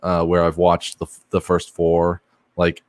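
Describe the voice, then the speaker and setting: Male podcast co-host, deep-voiced, hesitant rambler, dry close mic. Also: completely flat delivery, unhurried, no room sound. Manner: rambling, hesitant, lots of ums and restarts. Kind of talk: casual chat.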